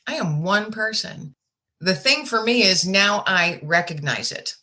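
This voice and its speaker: Bright-voiced woman, candid podcast guest. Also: medium pitch, lively intonation, a little slow. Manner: plainspoken, candid, folksy. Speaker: guest author. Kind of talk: podcast interview.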